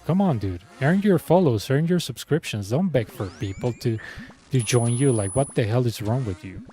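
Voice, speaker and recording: A man's voice: medium pitch, dark tone. A man with a Spanish accent, a game streamer ranting in sarcastic, exasperated commentary. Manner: sarcastic, exasperated, repeats himself.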